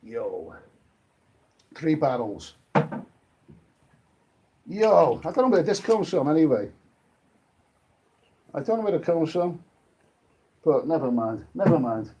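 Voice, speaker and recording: A British man chats casually on a late-night live stream, his voice a touch higher than most men's. He rambles and restarts his sentences often. He picks up viewer comments and reads them aloud as he goes. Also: big pitch swings, slow, pauses often, warm tone, husky, lo-fi sound.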